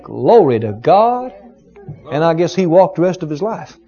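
A man preaching a sermon, retelling a story with emphatic, dramatic rising shouts. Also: on the high side, big pitch swings, normal speed, faint music behind. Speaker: pastor. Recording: dull lo-fi sermon recording.

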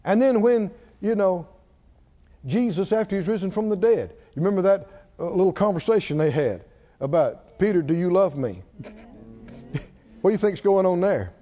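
In a big room, on a muffled recording, a man with a high, mellow voice preaches a call-and-response sermon at normal speed. He is animated and pauses often, firing questions at the congregation and pressing them with emphatic, chuckling delivery.

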